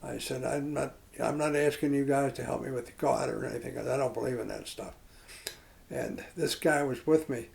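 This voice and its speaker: An older man with a gravelly, dark voice recalls his life in a reflective storytelling mode. He rambles and halts, with restarts and fillers scattered through his speech. His pitch sits in a middling range for a man. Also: steady tone, moderate pace, low-quality recording. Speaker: interviewee.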